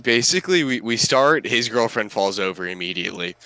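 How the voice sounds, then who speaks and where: A young man telling a story in casual podcast chat, relaxed with dry jokes. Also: fairly low pitch, fairly quick, clear, resonant tone, no echo.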